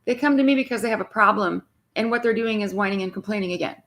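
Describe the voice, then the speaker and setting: A woman's voice: medium pitch, quick pace, a bit bright. A woman twin flame coach speaking bluntly and with exasperation to her viewers, swearing freely and mimicking clients.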